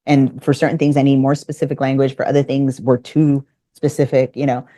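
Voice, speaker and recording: A woman's voice: a bass voice, flat delivery, brisk, dark tone. A woman guest telling a business story in casual conversation, acting out both sides of the dialogue. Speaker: podcast guest.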